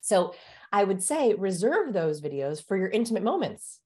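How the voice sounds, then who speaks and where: A woman's voice: medium pitch, big pitch swings, moderate pace, dark tone. A woman who researches communication, guesting on an interview show and explaining with energy, like a teacher giving demonstrations.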